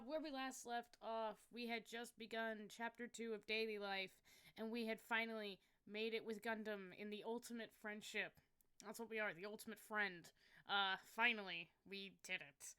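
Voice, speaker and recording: A woman chatting casually on a livestream, excitable and foul-mouthed, who yelps and swears when things go wrong. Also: mid-range voice, clean tone. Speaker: streamer.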